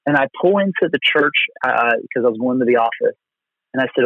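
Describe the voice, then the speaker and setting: A man's voice: medium pitch, expressive, brisk, vocal fry, dry recording. A man from Pennsylvania, a guest evangelist, telling faith stories over the phone in an earnest, rambling way with many restarts. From Pennsylvania, USA. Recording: tinny phone line.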